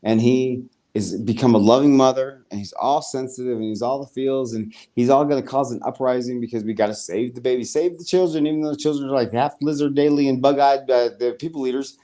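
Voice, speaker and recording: An adult man co-hosting a casual podcast at a middle pitch. He rambles through a TV episode recap with animated retelling, profanity and quick acted-out asides. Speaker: podcast co-host.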